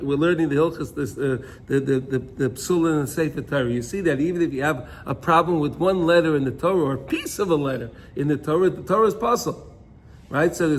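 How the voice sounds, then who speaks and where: A man's voice: on the high side, a little hiss or hum. A man teaching an informal Torah class, telling stories and often checking in with "right?".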